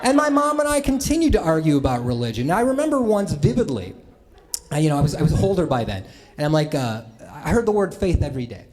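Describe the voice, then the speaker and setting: A man's voice: fairly high pitch, big pitch swings, fast, a little mellow. A man from the US Midwest telling comic stories about himself on stage to a live audience, chatty and self-mocking, with asides to the crowd. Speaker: storyteller at a live talk. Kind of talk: comic personal storytelling to an audience.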